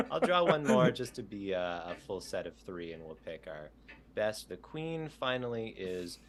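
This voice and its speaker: Low-ish guy game mastering on a call, voice bounces around a lot, easygoing, reads prompts out. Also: very animated, normal speed, a loud crowd. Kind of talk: running a tabletop game over a call.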